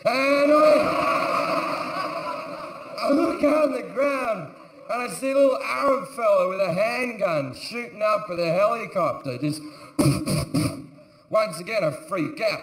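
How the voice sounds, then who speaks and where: A man doing stand-up storytelling, sardonic and profane, acting out characters with sudden shouts on a theatre stage. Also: very high-pitched, measured pace. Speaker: stand-up comedian. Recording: echoey live theatre recording. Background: audience laughter.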